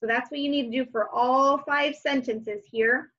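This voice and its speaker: Teacher lady going over homework for little kids, kinda high voice, lots of hmms and ums, a bit muffled. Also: fairly even intonation, moderate pace, background noise. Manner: gentle, thinking aloud with fillers and hums. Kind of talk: remote homework lesson for young children.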